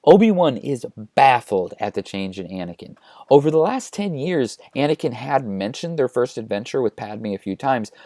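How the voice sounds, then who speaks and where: A man's voice: mid-range voice, sing-song, normal speed, warm tone, no room sound. A man casually retelling a story for comedy in a chatty way, peppered with "like". His voice sits in a middle range, and the recording is dry and close. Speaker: host.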